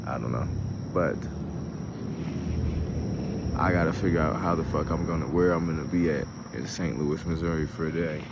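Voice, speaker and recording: A young man with a low, deep voice rambles through a casual travel vlog, swearing freely. He is recorded on a phone held at arm's length outdoors, with insects and passing traffic clearly heard behind him. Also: moderate pace, long pauses. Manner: profane, rambling, talks through frustration and laughs at it. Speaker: show host.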